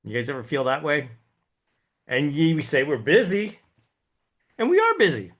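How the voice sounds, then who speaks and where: A man's voice: fairly high pitch, moderate pace. A man teaching a class on generating leads, talking casually and acting out his own thoughts and quotes, often asking the audience "right?". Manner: animated, acts out his own inner voice and quotes; folksy, addresses the audience with tag questions. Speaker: real estate sales coach. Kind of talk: lively class talk.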